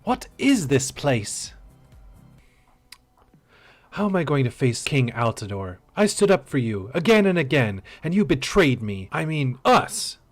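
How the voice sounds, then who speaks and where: A man's voice: mid-range voice, big pitch swings, unhurried, faint music behind. A man doing a stern, scolding woman guard. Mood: indignant.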